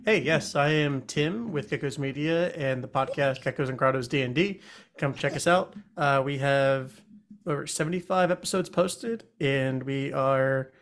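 Male podcast host, playful and halting, mid-pitched, plays an investigator character. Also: fairly bright tone. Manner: playful, hesitant restarts. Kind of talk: in-character tabletop play.

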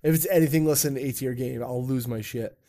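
A male podcast host rambles and jokes through a casual chat, loose in manner and swearing plenty. His voice is medium-pitched and mellow, and he talks fast.

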